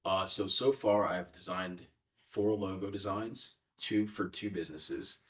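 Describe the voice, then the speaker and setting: A man's voice: low voice, steady tone, a little slow, recorded from a distance. A young man answering interview questions in a casual, hesitant way with many fillers. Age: young adult.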